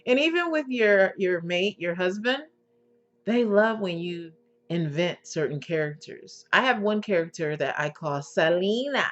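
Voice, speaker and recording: A woman giving an instructional talk as an intimacy coach, in a sultry, drawn-out manner, often checking in with "okay?" and using endearments. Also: lowish voice, lively intonation. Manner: endearments to the listener. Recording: dull lo-fi recording with faint music.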